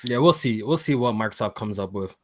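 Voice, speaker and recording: A man hosting a casual gaming podcast, talking in loose slang and getting loud and hyped when he jokes around. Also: on the low side, animated, brisk, dry recording. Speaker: podcast host.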